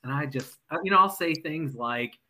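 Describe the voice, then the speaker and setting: A man who is a former football coach, a podcast guest telling animated stories and laughing often. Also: on the high side, normal speed, a little hiss or hum, rough recording. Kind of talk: casual podcast storytelling.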